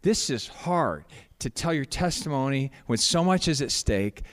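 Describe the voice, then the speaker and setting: A man preaching through a personal story, halting and repeating words as he acts out what others said. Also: mid-range voice, animated. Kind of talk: sermon storytelling.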